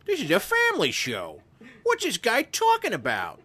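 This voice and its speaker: A man voicing a prissy, scandalized librarian in a high, huffy put-on voice. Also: wildly swooping pitch, normal speed, bright, forceful tone, exaggerated voice.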